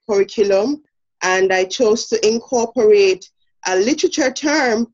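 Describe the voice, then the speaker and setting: A woman's voice: medium pitch, darkish tone. Jamaican woman, teacher, step-by-step explaining, many ums, muffled lo-fi audio. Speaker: teacher presenting a lesson. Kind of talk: demo lesson presentation. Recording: dull lo-fi sound.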